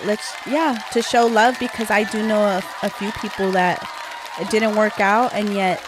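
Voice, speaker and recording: A woman co-hosting a casual chat podcast, telling stories with lively quoted dialogue and bits of Spanish slang. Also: medium pitch, moderate pace, a crowd in the background, background noise. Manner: animated storyteller, quotes others, Spanish slang. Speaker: podcast co-host.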